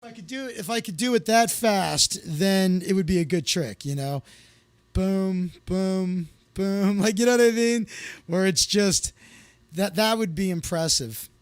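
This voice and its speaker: A man's voice: high-pitched, expressive, moderate pace, dry recording. A man hosting a comedy live stream, telling rambling stories to his viewers in a casual way, with lots of fillers and restarts. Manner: loose, anecdotal, with many fillers and restarts.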